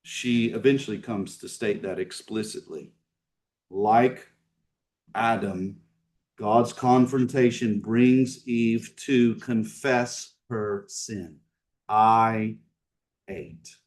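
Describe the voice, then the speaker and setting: A man's voice: medium pitch, fairly even intonation, slow pace. Man preaching a conversational sermon from a distance. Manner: conversational preaching with rhetorical questions, swinging between emphatic and hushed. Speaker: pastor. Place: church sanctuary.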